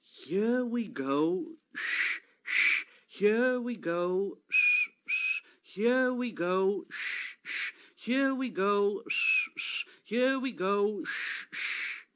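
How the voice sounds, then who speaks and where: A man's voice: sits high, huge pitch swings, drawn-out words, bright, forceful tone, pitched above the performer's own voice, exaggerated voice. A man doing a chanting little steam engine. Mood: cheerful. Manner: sing-song chanting in rhythm with puffing. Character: cheerful small old tank engine, eager and proud.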